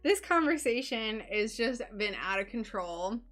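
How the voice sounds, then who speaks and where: Slow, giggly woman streamer. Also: a little high, animated, a bit bright. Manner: giggly, rambling with many fillers. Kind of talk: casual stream chat.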